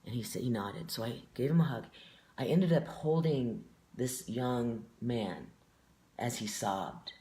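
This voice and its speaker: A man's voice: mid-range voice, lively intonation, a little slow, mellow. A man in his forties, a stage performer telling stories in an interview with a heartfelt, earnest manner. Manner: heartfelt, earnest, emotionally open. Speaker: guest performer. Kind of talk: storytelling in an interview.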